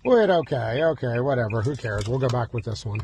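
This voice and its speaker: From inside a vehicle, a man explains car key programming step by step, his medium-pitched, darkish voice brisk and lively in intonation. He keeps breaking into exaggerated mock panic and fretful exclamations. The recording carries a little hiss or hum.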